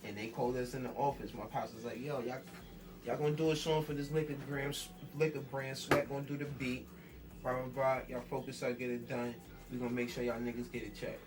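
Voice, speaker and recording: A man's voice: medium pitch, brisk, far from the mic, over music. A man from New York guesting on an interview, telling a long story with lots of street slang and acting out everyone he quotes. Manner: animated, acts out quoted dialogue, heavy slang. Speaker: rapper guest.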